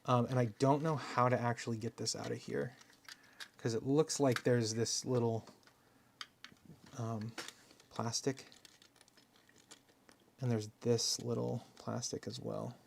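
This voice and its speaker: A man's voice: mid-range voice, level tone, takes it slowly, creaky, long pauses, a little hiss or hum. A man casually chatting on a live stream while taking apart hardware, rambling and self-mocking and muttering as he works. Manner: murmurs to himself while working.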